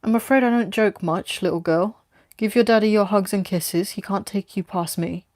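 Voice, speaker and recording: A woman's voice: mid-range voice, normal speed, darkish tone, no room sound, clean studio sound, close to an everyday voice. A woman voicing a brash, taunting female hired tough from London in a read-aloud story. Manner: taunting, blunt.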